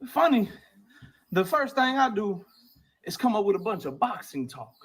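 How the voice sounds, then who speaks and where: A man's voice: high voice, big pitch swings, moderate pace, breathy edge, rough recording. A man talking boxing on his own channel, brash and trash-talking, played as a clip. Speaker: boxing commentator in clips.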